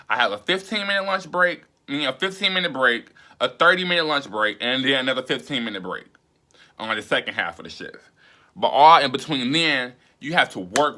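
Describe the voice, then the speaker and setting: Bright-voiced, emphatic young man vlogging. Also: medium pitch. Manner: emphatic, profane, rising to exasperated rants. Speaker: YouTuber host. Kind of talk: casual vlog monologue.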